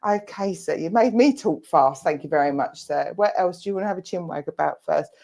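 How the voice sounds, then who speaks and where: A woman with an Essex accent gives a mediumship reading. She is chatty and reassuring, and she relays what a spirit says in quick asides. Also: fairly low pitch, vocal fry, a little mellow. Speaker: presenter and medium. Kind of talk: giving an online mediumship reading.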